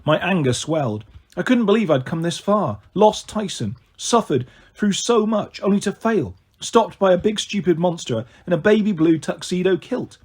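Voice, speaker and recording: Animated husky male storyteller. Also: high voice, normal speed. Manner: expressive, animated first-person narration. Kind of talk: reading a novel aloud.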